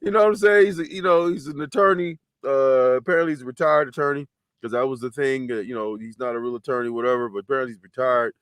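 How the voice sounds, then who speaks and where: A male host reacts casually to a guest, easygoing and laid-back, often stumbling and repeating himself. His voice sits at a middle pitch for a man. The sound is dry, with no room echo. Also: fairly even intonation, quick pace, a bit bright. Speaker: show host.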